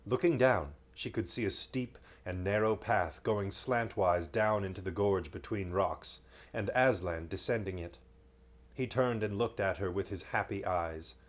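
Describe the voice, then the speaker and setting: A man reading a bedtime story aloud, breaking off now and then for playful joking asides. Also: lowish voice.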